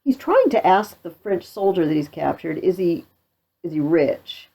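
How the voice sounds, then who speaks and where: A woman's voice: lowish voice, lively intonation, a little slow, gravelly, dark tone, breathy edge. A woman tutor explaining a classic play scene by scene, with casual, wry asides. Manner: casual, wry commentary with fillers. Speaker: literature tutor.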